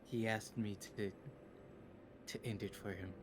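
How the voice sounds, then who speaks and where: A young man playing his character in a tabletop game, speaking softly with halting restarts. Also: on the low side, fairly even intonation, noisy background. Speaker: player.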